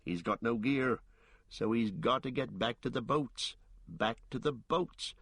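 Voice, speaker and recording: A man's voice: medium pitch, animated, unhurried, a bit bright, husky, dry recording, clean studio sound, full character voice. A man voicing a loyal, stout-hearted male hobbit servant with blunt, rustic speech. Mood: self-urging.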